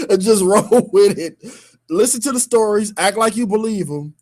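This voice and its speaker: A man's voice: sits high, expressive, unhurried. A man co-hosting a sports radio show, ranting heatedly in slang-filled talk with bursts of laughter.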